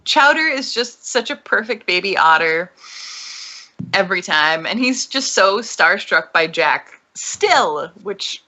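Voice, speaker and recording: A woman's voice: mid-range voice, expressive, takes it slowly, bright, forceful tone. A woman co-hosting a fan podcast, chatting casually and enthusiastically with frequent giggles. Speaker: podcast co-host. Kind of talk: casual chat.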